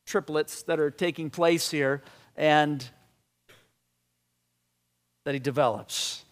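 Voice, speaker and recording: A man preaching a sermon, animated and conversational, often restarting his sentences. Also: a little high. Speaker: pastor.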